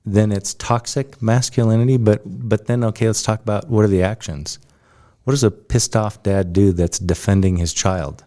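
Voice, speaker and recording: A man co-hosting a podcast, speaking in a slow, deliberate way and thinking aloud in measured phrases. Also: deep voice, mellow. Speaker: podcast co-host. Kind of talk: casual chat.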